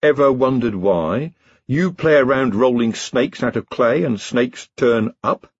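A man's voice: medium pitch, unhurried, husky, dry recording. Man doing a sly, wry wizard. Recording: dull lo-fi dry recording.

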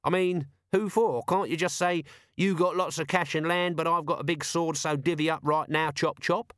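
A man's voice: on the high side, fairly even intonation, normal speed, a bit bright, dry recording, studio quality, voice pushed up, natural voice. A man voicing a cheeky, grumbling scruffy male corporal in an audiobook. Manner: whiny, cheeky.

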